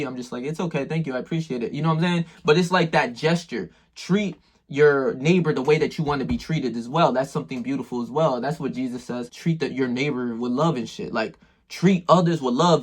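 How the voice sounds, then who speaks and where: Husky, slangy man giving life advice. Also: mid-range voice. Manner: slangy and profane, talks straight to the viewer. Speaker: self-improvement video maker. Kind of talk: casual motivational monologue.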